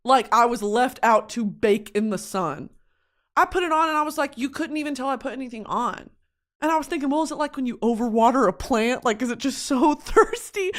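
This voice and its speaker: A woman's voice: sits high, expressive, fairly quick. A young woman vlogging in a casual confessional rant, profane and dramatic, breaking into shrieks and comic voices.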